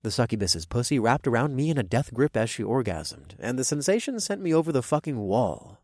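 A man reading a first-person story aloud, his voice rising and falling in lively swings around a middle pitch. The recording is dry and close, with no room sound. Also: a little fast, no room sound. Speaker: narrator. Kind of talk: first-person scripted narration.

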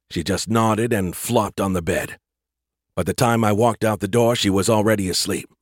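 A man narrating an audiobook in the first person, reading at a steady, measured pace. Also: fairly low pitch, no echo, studio quality.

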